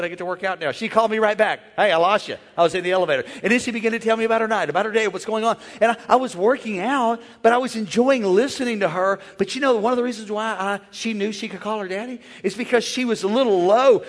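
A man who is a pastor, preaching a lively sermon and calling out to the congregation to join in. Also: high-pitched. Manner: energetic, playful call-and-response with the crowd. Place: large church. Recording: long church hall reverb.

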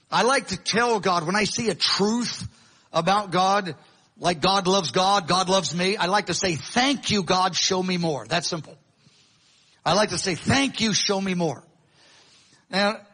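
A pastor preaches a sermon in a conversational teaching style, restarting phrases and acting out quotes. His voice sits high, sounding pushed, bright, and husky, and the recording is rough.

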